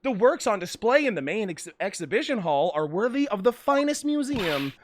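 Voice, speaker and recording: A man voicing a composed young woman event organizer who speaks in a calm, formal, polite way. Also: high voice, moderate pace, slight background noise.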